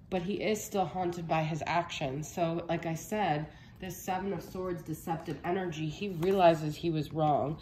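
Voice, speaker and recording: A woman's voice: sits low, darkish tone, reverberant, a little hiss or hum. A young woman giving a casual tarot reading, a little out of breath, chatty and reassuring, often checking in with "okay?". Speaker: tarot reader.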